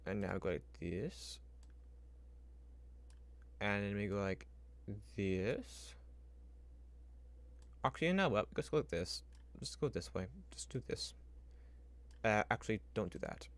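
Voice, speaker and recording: Unhurried and pausing often, a man with a fairly low voice streams as he builds a spreadsheet. He rambles casually while thinking aloud, talks to the computer, and makes up small sound effects against a backdrop of typing and clicking.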